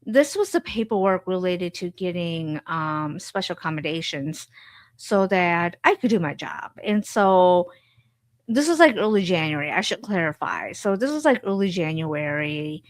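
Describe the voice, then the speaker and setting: A woman's voice: fairly low pitch, animated, normal speed, no room sound, clean studio sound. A woman hosting a podcast, candidly telling her own story in an emotional, frank way full of fillers and repeats.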